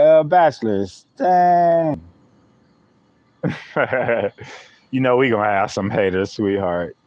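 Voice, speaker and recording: A man's voice: medium pitch, no room sound, muffled recording. A man using hosts a live stream, chatting playfully with viewers and laughing often. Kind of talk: joking live-stream chat.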